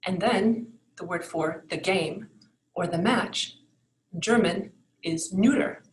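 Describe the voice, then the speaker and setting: A woman teaching a recorded language lesson, explaining patiently and slowing down to model each example word clearly. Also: fairly low pitch, reverberant, poor audio. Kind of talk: recorded online lesson with slides.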